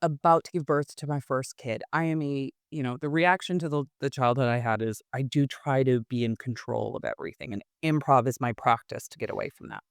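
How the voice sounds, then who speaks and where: A woman, an improv teacher and coach, telling a candid personal story as a podcast guest, expressive and quick to laugh. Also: extremely low pitch, dry recording, clean studio sound. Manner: expressive, laughs often, frequent restarts.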